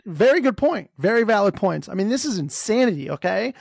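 A man's voice: sits high, very animated, brisk, gravelly, husky, no echo, clean studio sound. A man hosting a podcast, talking casually and sarcastically. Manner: sarcastic, mocks others in put-on voices. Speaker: podcast host.

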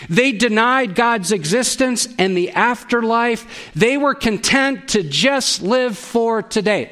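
High-voiced man preaching a lively sermon. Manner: animated storytelling, asks the audience direct questions. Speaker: pastor.

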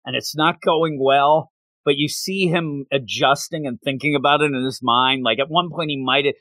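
A man hosting a podcast, retelling an anime episode in an animated, playful way in casual chat. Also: fairly high pitch, moderate pace, dry recording. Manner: animated storytelling with playful bits. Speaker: podcast host.

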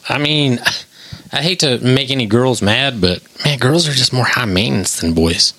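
A man's voice: mid-range voice, normal speed, pushed and bright, no room sound. A middle-aged man hosting a podcast in casual chat, reading listener questions and giving blunt, emphatic opinions.

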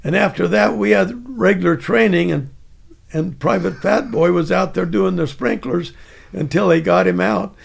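A man's voice: high-pitched, moderate pace, creaky, husky. An older man casually telling a rambling, chuckling anecdote from his army days. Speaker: veteran storyteller.

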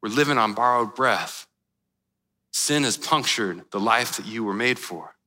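A man preaching a sermon in a relaxed, conversational way, telling a personal story with casual slang. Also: medium pitch, unhurried, in a large hall. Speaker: pastor.

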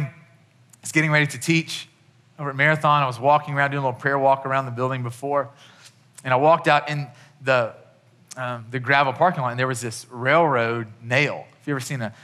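A man's voice: medium pitch, fairly even intonation, brisk, sharp tone. A man in his thirties, a pastor, giving a conversational sermon with many restarts.

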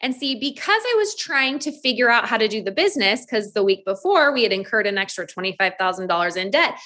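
A woman in her thirties shares a personal testimony in a candid, storytelling way. She talks at a middle pitch and grows animated as she acts out what she once said. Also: quick pace. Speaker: network marketing distributor.

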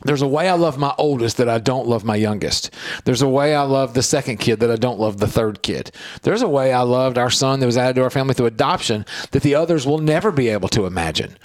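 A middle-aged man co-hosting a radio show, telling a lively family story on air and acting out scenes in the talk. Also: mid-range voice, fast, few pauses. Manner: lively, acts out family scenes with swooping voices.

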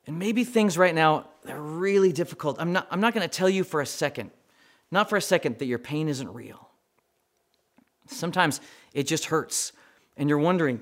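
A man preaching a sermon with dramatic swings between loud emphasis and near-whispers, acting out quoted prayers. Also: a little high. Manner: acts out quoted voices in prayers. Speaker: pastor.

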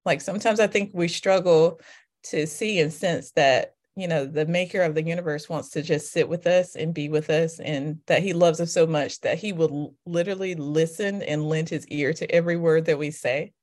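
A woman with children, a guest author, talking thoughtfully and softly about grief and faith. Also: low voice, fairly even intonation, moderate pace. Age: adult with children. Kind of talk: reflective faith conversation.

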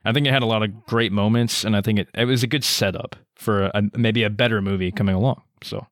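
A man's voice: fairly low pitch, fairly even intonation, fast, fairly bright tone, dry recording, clean studio sound. A man co-hosting a podcast in casual chat, hesitant and often repeating words. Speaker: podcast co-host.

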